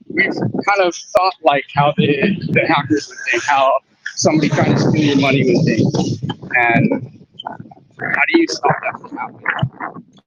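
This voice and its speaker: Man on a call, talks slow and kinda high, muffled lo-fi sound. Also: dry recording. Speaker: AMA panelist. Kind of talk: casual live audio discussion. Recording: dull lo-fi line, dry.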